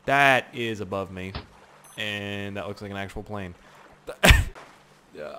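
A man giving casual gameplay commentary, talking to himself in a profane, excitable, rambling way. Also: fairly low pitch, normal speed, noisy background. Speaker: gaming YouTuber.

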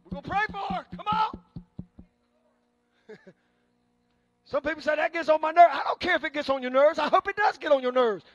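A male preacher delivering a sermon, folksy and joking at times, building up to fervent shouting. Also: very high-pitched, animated, normal speed, long pauses, no room sound, lo-fi sound. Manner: folksy, humorous asides.

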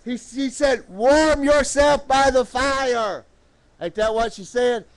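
His pitch extremely high, a man preaches to a church congregation through a story, calling out to them and sweeping into slow, dramatic lines.

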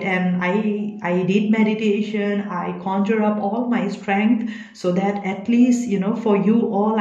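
A woman giving a spiritual tarot reading, speaking softly and emotionally, consoling her listeners with many pauses and fillers. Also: mid-range voice, reverberant, lo-fi sound. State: emotional, holding back tears. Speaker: tarot reader.

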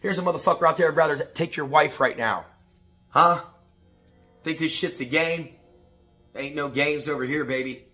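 Profane, bright-voiced man giving a pep talk. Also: on the high side, normal speed, long pauses, soft background music. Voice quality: profane, blunt, street-casual. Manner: preachy, repetitive, rising to shouted pep talk. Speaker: motivational vlogger. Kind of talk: morning motivational talk to camera.

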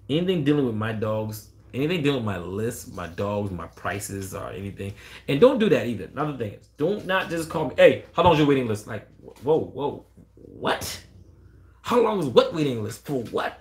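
A man, a dog breeder answering questions on a casual live stream, blunt and animated, quoting callers in a raised voice. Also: mid-range voice, moderate pace.

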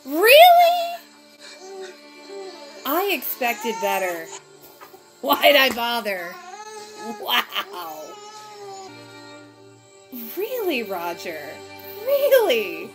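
High-voiced lady reacting to a tv episode, slow and drawn out, lots of exclaiming, show music playing behind her. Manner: expressive, exclaiming, talks back to the screen. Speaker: reaction video host. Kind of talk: casual TV reaction commentary. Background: TV episode audio playing.

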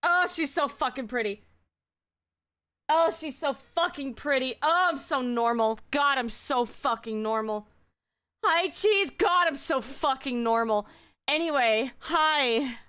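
A woman's voice: high voice, unhurried, fairly bright tone, clean tone. A woman live-streaming, chatting casually, giddy and swearing a lot, repeating herself over and over.

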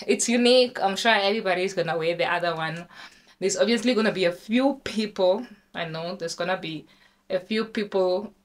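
A young woman from Namibia chatting casually in a vlog, excitable and talkative, with sudden high squeals. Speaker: vlogger.

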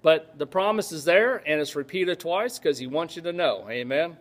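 A man preaches a Bible lesson in an easy, talkative way. His voice sits a little high for a man. He wanders off on asides and keeps checking that the congregation is with him. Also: normal speed. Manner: conversational, digressive, checks in with the congregation. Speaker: pastor. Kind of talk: Bible teaching sermon.

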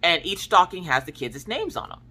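A woman's voice: fairly low pitch, moderate pace, husky. A woman in her thirties hosting a craft channel, chatting casually and telling family stories in slangy speech, acting out her relatives' lines. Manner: animated, slangy, acts out family members' lines. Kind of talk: casual storytelling chat.

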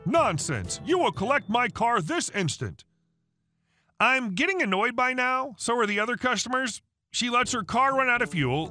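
High, bright synthetic male narrator. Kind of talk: scripted story narration. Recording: faint music underneath.

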